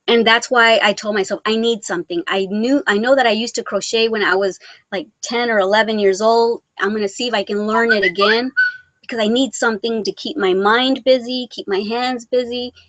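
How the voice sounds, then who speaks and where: A woman from Mexico chats through a live vlog, reading viewer comments aloud and answering each at length. She rambles, turns sentimental and pokes fun at herself, in a middle-pitched voice recorded close and dry with no room sound. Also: a bit bright, no echo, rough recording. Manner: rambling, sentimental, self-deprecating. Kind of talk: casual live-stream chat.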